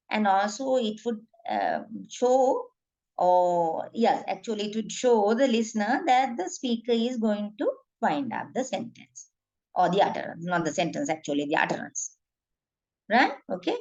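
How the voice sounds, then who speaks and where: A woman teaching an online class, pausing often with fillers and asking "right?" to check understanding. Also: medium pitch, darkish tone, dull audio. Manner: frequent fillers and checking questions. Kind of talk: online lecture.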